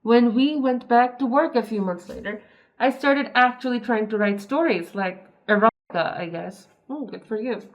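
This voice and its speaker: A woman's voice: on the high side, moderate pace. Giggly young woman reading posts aloud. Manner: giggly, chatty, breaks off to react. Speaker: story reader and commentator. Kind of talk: reading and reacting to online posts.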